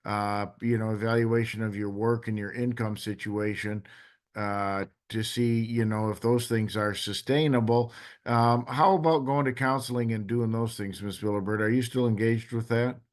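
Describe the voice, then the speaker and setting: A man acting as judge in a court hearing, speaking haltingly with many fillers. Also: fairly low pitch, fairly even intonation.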